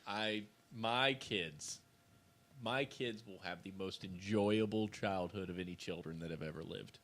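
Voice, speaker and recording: A young man co-hosting a casual podcast, joking around and slipping into loud goofy voices. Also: low voice, measured pace. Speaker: podcast co-host.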